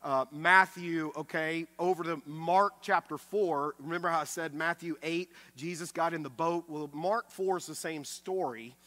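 Forceful, bright-voiced male pastor preaching. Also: a little high, normal speed, few pauses. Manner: emphatic preaching that swings from loud to hushed; acts out quoted speech with raised voice. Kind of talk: sermon.

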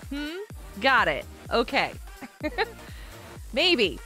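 A woman's voice: high-pitched, wildly swooping pitch, very slow, bright, forceful tone, soft background music. A woman chatting casually on a gaming live stream from a carpeted room at home, giggly and laughing often.

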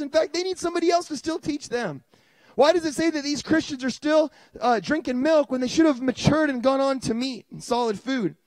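Animated, high-voiced male preacher. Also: dry recording. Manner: animated storytelling with many restarts. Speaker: pastor. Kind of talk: sermon.

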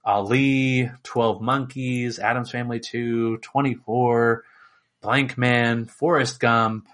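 A man's voice: mid-range voice, fairly even intonation, takes it slowly, a bit bright. Chatty male podcast co-host. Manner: rambling, lots of fillers and "like". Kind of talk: casual chat.

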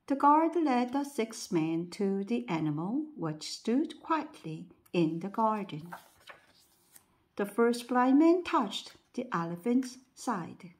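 A woman reading a bedtime story aloud. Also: on the high side. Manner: slow, lively storybook reading.

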